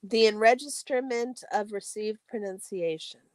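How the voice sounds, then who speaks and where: Woman, mid-pitched, steady textbook read-aloud for a study stream, careful with occasional self-corrections, dry close sound. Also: normal speed, no room sound.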